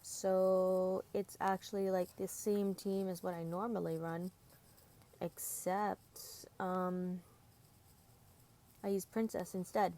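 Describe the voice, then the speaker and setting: A woman's voice: mid-range voice, little pitch movement, takes it slowly, mellow. A tired woman streaming a mobile game at home, chatting casually and rambling about her team. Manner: rambling, chatty, self-deprecating. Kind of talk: casual gameplay commentary.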